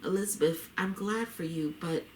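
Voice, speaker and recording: A woman's voice: on the low side, moderate pace, darkish tone, slight background noise, close to an everyday voice. A woman reading the lines of a hopeful, pious young woman in a story, earnestly and reverently. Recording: roomy echo.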